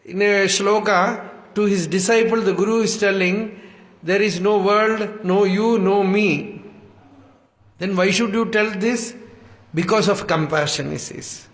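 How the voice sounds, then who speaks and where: A man giving an unhurried, reflective spiritual discourse, reciting Sanskrit verses as he explains them. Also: sits high, a bit bright. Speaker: spiritual teacher. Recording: echoey hall reverb.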